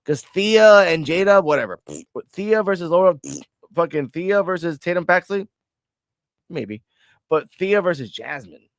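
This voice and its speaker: A man reviewing a wrestling show in casual podcast chat, swearing freely and animated. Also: sits high, moderate pace, no room sound, clean studio sound. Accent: New York.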